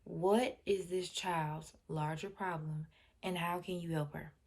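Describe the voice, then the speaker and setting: A woman hosting her own channel, telling a story in a casual, unhurried way and dropping to a soft near-whisper when quoting herself. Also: fairly low pitch, fairly even intonation. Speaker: channel host.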